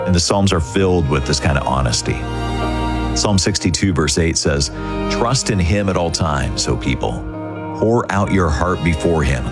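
A man giving an earnest, pastoral devotional talk on the radio, gently asking rhetorical questions. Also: low voice. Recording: music bed underneath.

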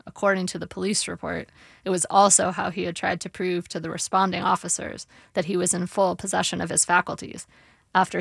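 Female memoir narrator, measured and wry, with gravelly fry. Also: on the low side, a bit bright, no room sound, clean studio sound. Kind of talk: memoir audiobook reading. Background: faint guitar music.

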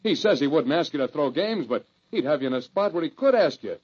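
Casting a brash buddy in a radio serial, raspy, dull vintage sound. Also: male voice, on the high side, a little fast. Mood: excited. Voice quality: brash and excitable. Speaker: sidekick. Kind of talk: old-time radio drama acting. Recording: dull lo-fi old radio recording.

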